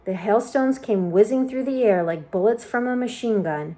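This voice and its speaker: A woman reading a children's book aloud with expressive storytelling narration. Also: fairly high pitch, moderate pace. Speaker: storybook reader.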